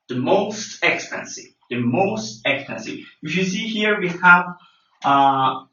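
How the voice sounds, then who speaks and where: Slow, bright-voiced male teacher, roomy sound. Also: fairly high pitch, lively intonation. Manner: slow and deliberate, spells letters out, frequent fillers. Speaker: English teacher. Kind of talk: classroom grammar lesson. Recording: lo-fi, roomy, mic at a distance.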